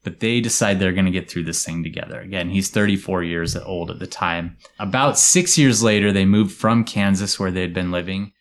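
A man with a very low voice tells a story to his co-hosts in an easygoing podcast chat. His delivery is relaxed and explanatory, and it sinks into quiet asides. The sound is a casual studio conversation. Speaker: storyteller host.

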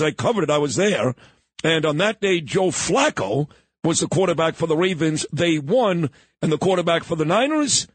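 A man's voice: on the high side, slightly rough, dry recording. A man hosting a morning radio talk show, chatting casually, joking and talking sports. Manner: chatty, joking, coughing at times.

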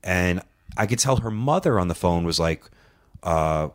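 Deep-voiced man telling a rambling story. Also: animated, measured pace. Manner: rambling storyteller, acts out quotes, swears freely. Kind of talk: casual podcast chat.

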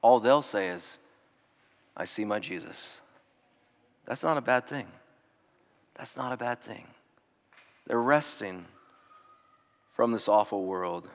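A man preaching a sermon in an earnest way, dropping to hushed tones and rising to emphatic ones. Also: medium pitch, slow, pauses often, long reverb tail. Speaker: pastor.

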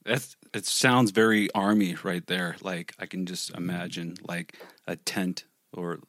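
Male podcast host, lowish voice, loose and conversational, dry close recording. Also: steady tone, a little slow, fairly bright tone, no echo. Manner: loose, thinking aloud with fillers. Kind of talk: casual interview talk.

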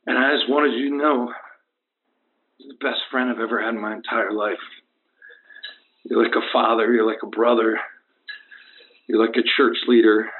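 A man playing a battered, sentimental young football player who rambles and wavers between mumbles and high cries over the phone. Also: moderate pace, long pauses, natural voice. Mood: mournful. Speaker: caller. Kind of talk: comic prank call. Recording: tinny phone line.

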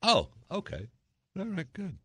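A man's voice: high voice, wildly swooping pitch, measured pace, a bit bright, breathy edge, dry recording. A man hosting a casual talk monologue, chatty and sarcastic, full of exclamations and asides. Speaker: talk show host.

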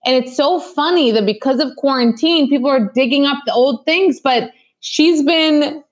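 A young woman co-hosting a casual gossip podcast, talking in an animated way with lots of fillers and quick mock impressions. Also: high voice. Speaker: podcast co-host.

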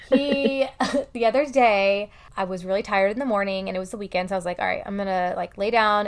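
A young woman co-hosting a podcast, telling family stories in a chatty, animated way with acted-out quotes. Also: mid-range voice, clean tone. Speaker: podcast co-host. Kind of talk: casual chat.

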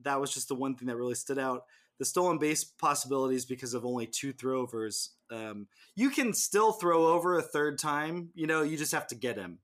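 Halting man in casual sports chat. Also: mid-range voice, lively intonation, a bit bright. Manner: halting, many restarts and repeated words. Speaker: podcast co-host.

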